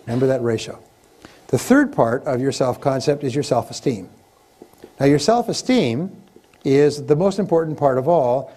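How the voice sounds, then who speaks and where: A man speaking at a live motivational seminar, in a voice of ordinary middle pitch. He talks with emphasis and keeps hammering home the same phrases. He leads the audience in repeating them back to him. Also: warm tone. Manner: emphatic and repetitive, leading the audience in chants.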